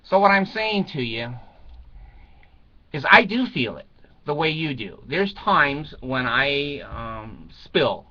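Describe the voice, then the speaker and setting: A man's voice: fairly high pitch, lively intonation, slow, sharp tone, highs cut off. An older man chatting casually to viewers in a rambling way, chuckling and swearing freely. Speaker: vlogger.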